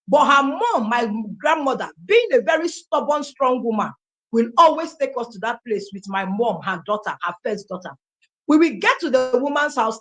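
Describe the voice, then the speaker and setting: A woman's voice: a little high, a bit bright. A Nigerian woman in her thirties, first language Igbo, telling her life story aloud and acting out the dialogue. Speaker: testimony speaker.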